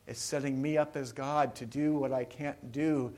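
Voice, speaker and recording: A man pastor preaching a sermon in a conversational way, asking his congregation questions and moving between loud emphasis and quiet reflection. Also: medium pitch, steady tone, normal speed.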